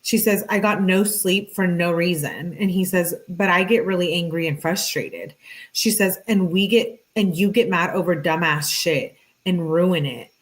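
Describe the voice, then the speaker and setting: A woman's voice: on the low side, unhurried, rough recording. A woman hosting a true-crime commentary, reading text messages aloud with blunt, conversational, exasperated asides.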